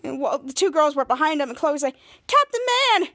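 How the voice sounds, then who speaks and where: Female podcast host with a high voice, chatty scene-by-scene TV recap. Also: fairly even intonation, fast talker. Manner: retells scenes line by line, quoting the characters. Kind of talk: casual TV episode recap.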